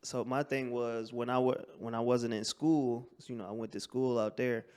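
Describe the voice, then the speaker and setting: A man, a comedian guest, telling stories in animated, slangy casual chat. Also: mid-range voice, moderate pace, smooth. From Detroit, USA.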